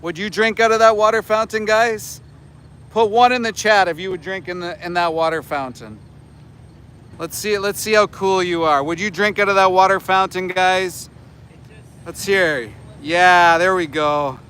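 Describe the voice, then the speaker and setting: A man in his forties streams live from a phone outdoors, with faint street and traffic noise around him. His voice sits high and bright, and he talks at an unhurried pace. He needles his viewers with sarcasm and scolding. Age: 40s. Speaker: livestreaming activist. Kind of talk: livestream chat with viewers. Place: outdoors near a slaughterhouse by homes.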